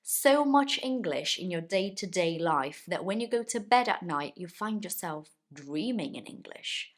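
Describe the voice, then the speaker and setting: A woman English teacher, a native Portuguese speaker, giving a friendly, encouraging video lesson and slowly stretching key words for emphasis. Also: on the low side, expressive.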